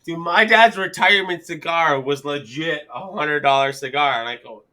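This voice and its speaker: Male podcast host, bright and punchy tone, profane storyteller. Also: a little high, normal speed, hardly any pauses. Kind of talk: casual chat.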